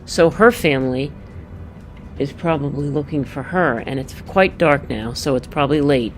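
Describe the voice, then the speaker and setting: A woman gently walking children through a picture book, explaining each page and thinking aloud as she goes. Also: deep voice, normal speed, a little hiss or hum.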